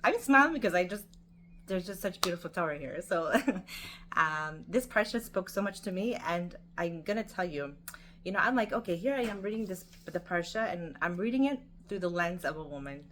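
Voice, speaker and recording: Chatty woman giving a bright Torah talk. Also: on the low side, moderate pace, a little hiss or hum. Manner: chatty, animated, lots of fillers and restarts. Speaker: Torah teacher. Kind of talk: informal weekly Torah talk.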